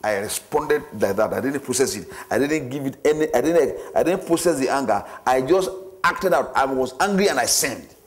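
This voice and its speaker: A man's voice: medium pitch, normal speed. A man teaching a church marriage class, repeating himself and acting out everyday scenes as he lectures. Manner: repetitive, animated, acts out scenarios.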